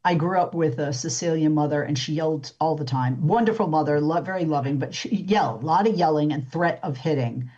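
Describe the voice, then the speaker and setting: A woman's voice: low voice, a little fast, hardly any pauses, mellow, highs cut off. A middle-aged woman hosting a talk show interview, chatty with many fillers and restarts. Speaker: radio talk show host.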